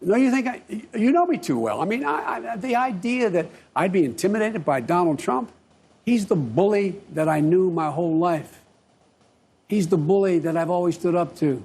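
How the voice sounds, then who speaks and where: A man's voice: sits high, lively intonation, normal speed, darkish tone, breathy edge. A man giving assertive, folksy answers in a television interview clip. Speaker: interviewed politician.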